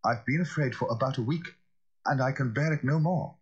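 A loyal old butler, frightened and deferential, his words halting, as a male narrator puts him on. The voice is pitched up and husky, with lively swings. It comes from a dull lo-fi recording. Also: lightly acted. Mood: fearful.

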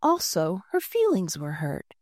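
Woman reading a kids' storybook, really slow, gentle, dry close sound. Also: lowish voice, huge pitch swings, dry recording. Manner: gentle, unhurried reading with lightly voiced characters. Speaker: audiobook narrator. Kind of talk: scripted storybook narration.

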